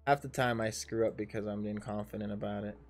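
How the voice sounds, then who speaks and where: A man's voice: on the low side, fairly even intonation, fast talker, faint music behind. A man in his thirties acting as dungeon master on a casual livestream, thinking aloud as he reads out the adventure and calls for rolls. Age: 30s.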